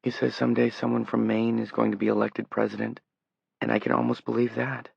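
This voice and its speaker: A man's voice: mid-range voice, monotone, a little fast, gravelly, slightly rough, dry recording, voice pushed up. A man voicing a tearful, anxious young woman, his voice rising as she pleads. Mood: tearful, pleading. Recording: dull lo-fi audiobook recording.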